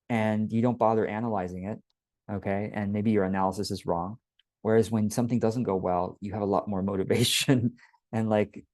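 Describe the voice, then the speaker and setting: Guy coaching a small business workshop, lowish mellow voice, chatty, dry sound. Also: no room sound. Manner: conversational, breaks into quoted voices. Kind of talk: casual workshop teaching.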